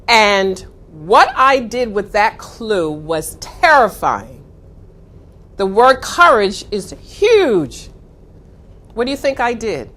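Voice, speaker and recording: A middle-aged woman giving a motivational talk, telling a story with dramatic pauses. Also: medium pitch, a bit bright. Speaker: speaker.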